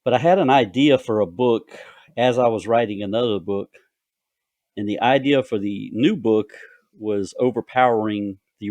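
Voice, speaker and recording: A man's voice: on the low side, darkish tone, no echo. A man with a Southern US accent, an author and podcast host chatting casually and rambling about writing. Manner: drawling, rambling storyteller.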